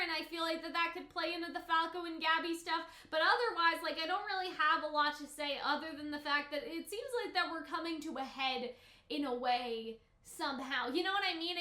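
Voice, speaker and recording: A woman with a high, bright voice chatting through casual reaction commentary from her desk at home. She talks in an emotional, rambling way, packed with "like" and "you know." The room gives her voice a noticeable echo. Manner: chatty, filler-heavy, emotional. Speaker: anime reaction youtuber.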